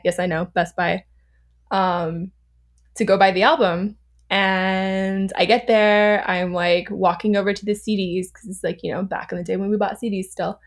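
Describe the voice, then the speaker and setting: A woman in her thirties from Southern California talks as a podcast guest. Her voice sits at an ordinary middle pitch. She tells a story in a chatty, animated way, laughs often and scatters fillers through her sentences. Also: normal speed. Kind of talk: casual storytelling.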